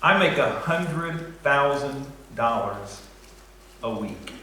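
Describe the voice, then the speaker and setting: A man voicing a calm, unbothered wealthy stranded man who speaks slowly and low, in an echoey church hall. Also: recorded from a distance, slight background noise. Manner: slow, low and unhurried.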